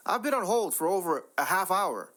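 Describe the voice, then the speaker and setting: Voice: mid-range voice, expressive, normal speed, fairly bright tone, close to an everyday voice. A reader voicing a rude, foul-mouthed, demanding woman customer in a narrated story. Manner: curt, profane, demanding.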